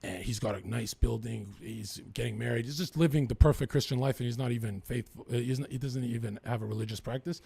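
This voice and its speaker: A young man from western Canada talks through a casual podcast chat in a gravelly voice. There is a husky, rough edge to his tone. He rambles from story to story and swears freely. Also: mid-range voice, fast, few pauses, mellow. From Lower Mainland, British Columbia, Canada.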